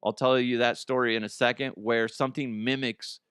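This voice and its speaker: The clear, resonant voice belongs to a man of medium pitch talking at a moderate pace, captured in studio quality with no room sound. As host of a comedy podcast, he excitedly reads out and mocks listener ghost stories, laughing a lot and swearing without restraint.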